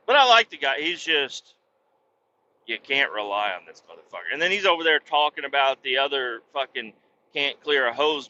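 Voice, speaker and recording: A man co-hosting a podcast, telling a work story in a profane, animated, casual way. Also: lo-fi sound, a little hiss or hum. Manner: profane, animated, puts on a sweet high voice for quoted niceness. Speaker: podcast co-host.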